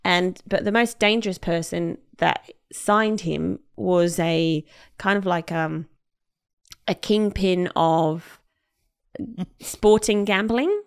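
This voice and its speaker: Her voice is on the low side, slow and clean. As a podcast co-host she retells a story in casual conversation, acting out each quote with plenty of laughter like an animated storyteller.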